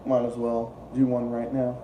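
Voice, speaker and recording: A man's voice: medium pitch, completely flat delivery, moderate pace, warm tone, roomy sound, recorded from a distance, a little hiss or hum. A young man hosting a livestream, ranting in a profane, repetitive and exasperated way. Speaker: political livestream host. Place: room at home, eating while streaming.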